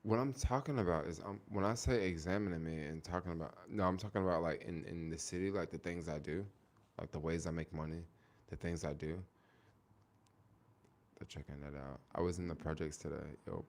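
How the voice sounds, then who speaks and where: Deep gravelly young man live streaming. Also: fairly quick. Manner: rambling, heavy use of "like", reads and answers viewer comments. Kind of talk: casual live stream chat.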